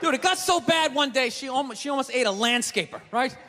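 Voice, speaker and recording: A man doing a stand-up comedy routine, ranting loudly, swearing and acting out voices in his stories. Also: extremely high pitch, lively intonation, a little fast, long reverb tail, background noise.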